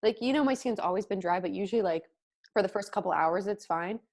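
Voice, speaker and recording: Co-hosting a laid-back eating chat, this twentysomething woman keeps up a chatty stream full of "like," talking through mouthfuls. Her voice is medium in pitch, a little mellow, and quick.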